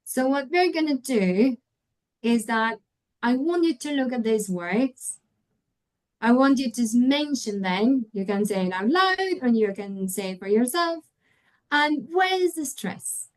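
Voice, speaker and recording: Slow, patient woman teaching pronunciation. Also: a little high, animated, rough recording. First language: Spanish. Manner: patient explaining, models example words aloud, frequent tag questions. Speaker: English teacher trainer. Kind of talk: webinar lecture.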